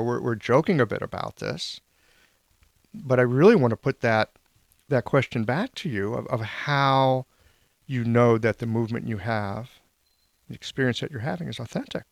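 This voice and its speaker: A man with a gravelly, creaky voice hosts a casual conversation. He is wry and self-deprecating and asks probing questions. The recording is dry and close. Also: mid-range voice, dry recording.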